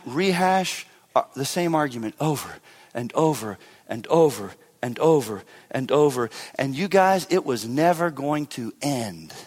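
A man preaching a sermon as a pastor, animated, swinging between loud emphasis and hushed asides. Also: mid-range voice, long reverb tail.

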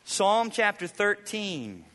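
A high, bright-voiced male pastor preaching to his congregation. He drops to near-whispers, then climbs into fervent, ringing appeals. The sound carries a long hall reverb. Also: big pitch swings, slow pace. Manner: preaching with wide swings from hushed to impassioned. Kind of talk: sermon.

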